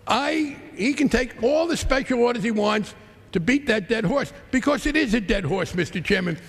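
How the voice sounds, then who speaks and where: A congressman's very high-pitched, gravelly voice comes across as animated and a bit bright as he speaks at normal speed. He's giving a combative, sarcastic rebuttal in a floor debate, and the large legislative chamber adds long reverb.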